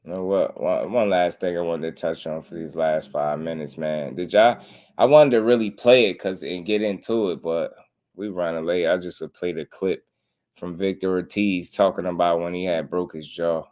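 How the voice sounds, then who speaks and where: Low-voiced boxing host, blunt and slangy. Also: male voice, moderate pace, darkish tone. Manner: blunt slangy talk, heated when worked up. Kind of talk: casual commentary.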